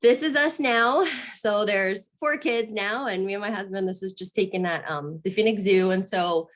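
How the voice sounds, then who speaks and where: A woman in her thirties from Arizona speaks as an interview guest, in an earnest, open way. Her talk is halting and full of restarts, and she often breaks into laughter. Her voice sits at a middle pitch. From Arizona, USA. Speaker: guest, mother sharing her story.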